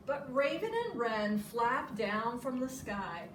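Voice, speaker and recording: A woman preschool teacher reading a children's story aloud in an animated, sing-song way. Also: a little high, slow. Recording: echoey room, distant mic, noisy.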